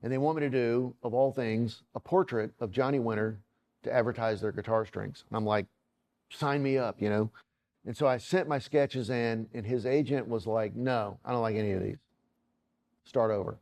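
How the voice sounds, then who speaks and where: A man's voice: mid-range voice, moderate pace, darkish tone. A man, an illustrator, telling a rambling story and acting out the quoted dialogue in it. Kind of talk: casual anecdotal storytelling.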